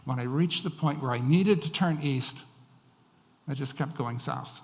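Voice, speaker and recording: A man's voice: mid-range voice, a little slow. A man preaching a sermon as a pastor, telling stories with shifting emphasis. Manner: storytelling, varied emphasis. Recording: long hall reverb.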